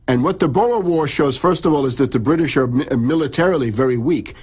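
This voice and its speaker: A man's voice: fairly high pitch, a little fast, a little mellow, breathy edge. A middle-aged man, an in-studio guest, lecturing on history in a radio interview, restarting and repeating words as he goes. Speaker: in-studio guest author and researcher.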